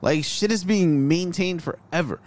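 This podcast co-host has a high, slightly mellow voice and talks at normal speed. In casual chat he rambles, with many fillers and restarts.

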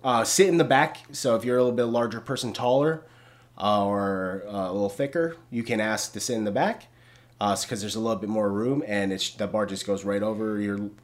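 A man's voice: fairly low pitch, fairly quick. A man co-hosting a podcast, chatting in a laid-back way with hesitant uhs and ums. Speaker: podcast co-host. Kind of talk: casual chat.

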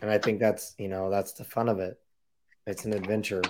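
Hoarse man hosting a podcast. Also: on the low side, fairly quick, background noise. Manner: relaxed, chatty, lots of "like" fillers. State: hoarse, raspy voice. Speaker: podcast host. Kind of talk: casual podcast interview.

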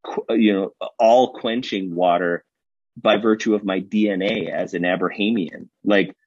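A man's voice: lowish voice, fairly even intonation, unhurried, slightly rough, no echo, highs cut off. A man doing an affronted, scornful objector. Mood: indignant. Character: indignant self-righteous listeners rejecting Jesus, male.

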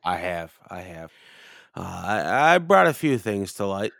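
A man's voice: low voice, sing-song, measured pace, vocal fry, no echo, studio quality. A drunk man co-hosting a podcast, rambling through a profane story and acting out the people in it. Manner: profane, loud, rambling, acts out the people in his stories. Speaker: podcast co-host.

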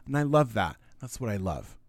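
A man co-hosting a podcast in casual chat, animated and profane, sometimes jumping up into mock voices. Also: on the low side, normal speed, dry recording.

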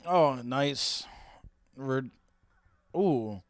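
A man's voice: mid-range voice, animated, extremely slow, dry recording. Young man, reaction commentary, profane, ranting wisecracks, dry close sound. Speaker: reaction video host.

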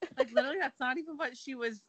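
A woman in her twenties co-hosting a podcast, chatting casually with sarcastic quips and quick laughs. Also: sits high, husky, dry recording, lo-fi sound. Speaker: podcast co-host. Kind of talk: casual chat.

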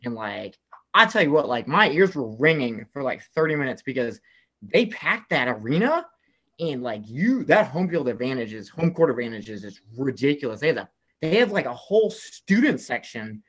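Excitable young man telling a story. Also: medium pitch, normal speed, slightly rough. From American South. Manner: excitable storyteller, heavy "like" filler, acts out quotes. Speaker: guest telling a travel story. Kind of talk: casual chat.

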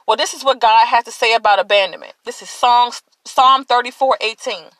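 Woman, podcast host, motivational faith talk, emphatic, sharp tone, dry close sound. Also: fairly high pitch, fairly quick, dry recording. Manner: emphatic and preachy, addressing listeners directly.

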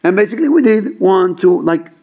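A man's voice: sits high, a little fast. A man telling a story at a casual gathering, talking loosely with many fillers and acting out the people in it. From Chabad yeshiva student background. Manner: animated, acts out quoted dialogue, many fillers.

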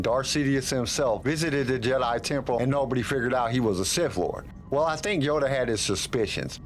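A man casually recapping and commenting on a chapter of a story he has just read. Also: medium pitch. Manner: conversational, chatty. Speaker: book discussion host.

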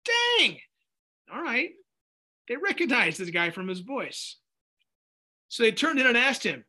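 A man teaching a Bible study in a casual, animated way, reading scripture aloud and breaking in with jokey asides. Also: extremely high pitch, a little slow.

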